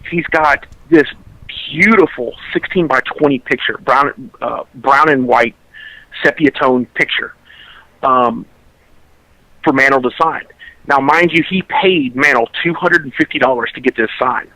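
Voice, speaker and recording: A man's voice: mid-range voice, unhurried, sharp tone, no room sound, low-quality recording. A man, a podcast co-host telling a long story in casual chat, rambling and restarting his sentences.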